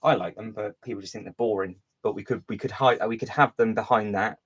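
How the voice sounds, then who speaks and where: A low-voiced man talks casually to his livestream audience as he works, thinking aloud and rambling through restarts and fillers. He drifts away from the desk mic now and then. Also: fast talker, breathy edge, rough recording. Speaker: livestream host. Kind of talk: casual live-stream chat while building.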